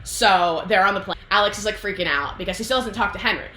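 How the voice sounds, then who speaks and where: A woman's voice: medium pitch, fast talker, roomy sound, faint music behind. A young woman chatting casually, retelling a book plot to a friend, swearing often and acting out the characters' lines. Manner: animated, profane, acts out characters' lines, frequent laughter. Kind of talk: casual chat.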